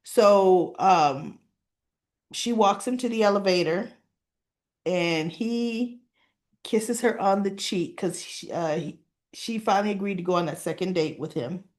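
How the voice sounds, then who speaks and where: A woman's voice: mid-range voice, measured pace, a little mellow. A woman talking casually as she recaps a soap opera episode, with frequent asides asking the listener "right?".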